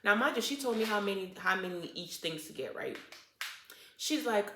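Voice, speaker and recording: Woman doing a storytime vlog, fired up and indignant, bright voice in an echoey room. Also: medium pitch, normal speed, a little hiss or hum. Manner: animated and indignant, full of "like" and restarts. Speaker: vlogger telling a story. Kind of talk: storytime vlog, casual retelling.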